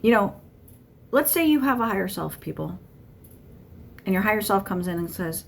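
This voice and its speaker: A woman's voice: medium pitch, animated, moderate pace, creaky, pauses often. A woman giving a channeled monologue to camera, blunt and irritated, swearing constantly. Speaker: tarot channeler.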